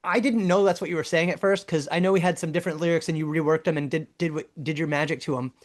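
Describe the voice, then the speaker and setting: A man's voice: fairly high pitch, fairly even intonation, fast talker. Man musing on songwriting. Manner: musing, analytical, enthusiastic about lyrics. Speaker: podcast co-host, band member. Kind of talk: casual album discussion.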